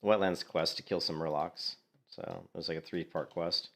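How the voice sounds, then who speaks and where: A congested man talks through his gameplay in a relaxed, thinking-aloud way. His voice sits very low, with a gravelly fry running through it. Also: normal speed, a little hiss or hum. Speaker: game streamer. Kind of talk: casual gameplay commentary.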